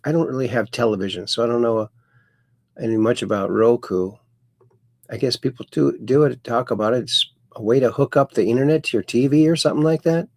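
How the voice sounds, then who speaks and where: A man's voice: medium pitch, a little fast, a little mellow. A man hosting a casual livestream, reading viewers' chat messages aloud in a folksy, playful sing-song way. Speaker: host.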